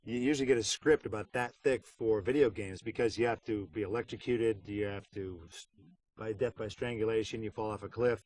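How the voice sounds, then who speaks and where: A man's voice: fairly low pitch, steady tone, brisk, noisy background. A middle-aged man in a casual behind-the-scenes interview, talking wryly and joking about voice work. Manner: wry, joking, puts on silly voices for anecdotes. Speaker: voice actor interviewed about a game.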